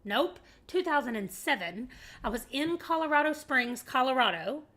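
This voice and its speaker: Bright chatty Southern woman from Arkansas. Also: high-pitched, lively intonation, normal speed. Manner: chatty and rambling, laughs often; addresses viewers as y'all. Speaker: booktuber. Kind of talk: casual chat to camera.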